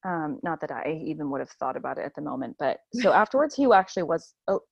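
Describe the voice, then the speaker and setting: A woman in her thirties telling the story of giving birth in a casual chat, animated and emotional, laughing often and near tears. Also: fast, gravelly, breathy edge, no room sound, dull audio. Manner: animated, laughs often, acts out quotes in a high voice.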